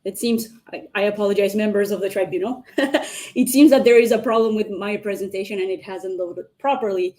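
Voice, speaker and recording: Woman counsel on a video call, formal and measured, speaks straight to the tribunal. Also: mid-range voice, fairly even intonation, dark tone. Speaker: counsel arguing against the motion. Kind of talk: formal argument in a mock hearing.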